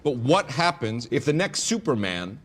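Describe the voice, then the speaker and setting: A man's voice: mid-range voice, big pitch swings, normal speed, over a noisy crowd, lightly acted. An actor playing a grave man listing contingency plans, heard in a film clip.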